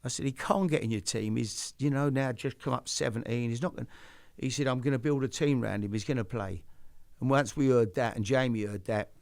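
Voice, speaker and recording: A man's voice: medium pitch, a little fast, creaky, darkish tone, no echo. An older man hosting a show, telling a rambling anecdote in casual chat and acting out the voices he quotes. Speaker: host.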